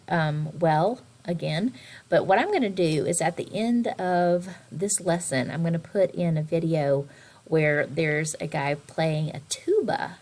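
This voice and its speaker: A woman teaching a recorded online music lesson to children, expressive, with slowed and whispered words for emphasis. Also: lowish voice.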